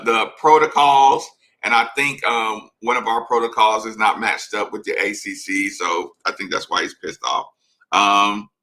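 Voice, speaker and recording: A man's voice: medium pitch, sharp tone. A man hosting a casual late-night live show, rambling as he reads and answers chat comments.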